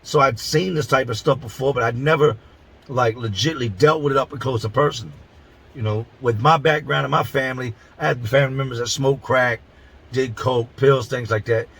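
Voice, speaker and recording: A man's voice: medium pitch, normal speed, vocal fry, a bit bright, breathy edge, poor audio. A middle-aged man from Philadelphia telling a prison story in blunt, profane street talk, stretching words for emphasis. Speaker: channel host telling prison stories. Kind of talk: casual storytelling to camera.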